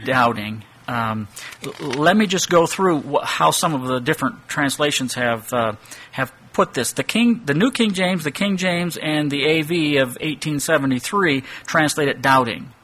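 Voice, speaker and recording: A man's voice: a little high, animated, moderate pace, pushed and bright. A middle-aged man giving an expository Bible teaching, thinking aloud and posing rhetorical questions.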